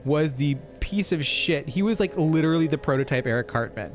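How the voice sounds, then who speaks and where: A man's voice: fairly high pitch, lively intonation, a little fast. A man co-hosting a game let's play, telling long rambling stories full of fillers and asides. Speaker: co-host. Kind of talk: casual chat over gameplay.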